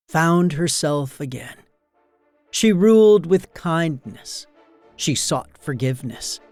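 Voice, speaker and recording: A storyteller reading a fairy tale aloud softly and soothingly, as a bedtime story. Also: mid-range voice, no echo, studio quality.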